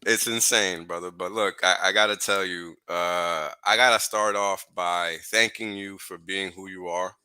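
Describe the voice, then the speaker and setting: A man's voice: sits low, fairly even intonation, a little slow, hardly any pauses, sharp tone, smooth, no room sound. A man talking in an earnest, grateful, laid-back way as a guest in a livestream chat over a computer mic.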